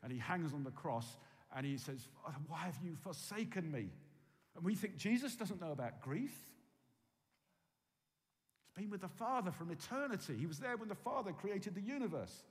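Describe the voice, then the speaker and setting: A man preaching a sermon, swinging from loud emphasis to hushed, quiet tones. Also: high voice, very animated, moderate pace. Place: church hall with long reverb. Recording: reverberant hall.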